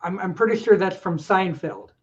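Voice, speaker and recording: A man hosting a casual live video chat, with a lively voice that swings up and down in pitch. He talks in a chatty, animated way. The sound is dull and lo-fi. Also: moderate pace. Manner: animated, chatty, bursts into loud quoted voices.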